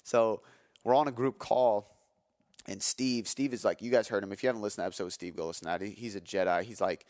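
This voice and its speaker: A man in his thirties hosting his own podcast, telling a personal story in an energetic, emphatic way, with fillers and some swearing. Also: fairly low pitch, fast talker, no echo, clean studio sound. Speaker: podcast host. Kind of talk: candid storytelling.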